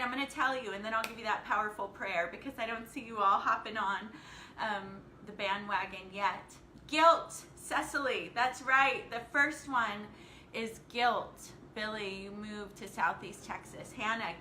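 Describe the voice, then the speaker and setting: A bright-toned woman chats on a casual live stream, upbeat and friendly, greeting viewers by name. Her voice bounces around a hard-walled room, with a faint hum of noise behind her. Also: a little high, steady tone, unhurried, echoey room. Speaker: live-stream host and life coach.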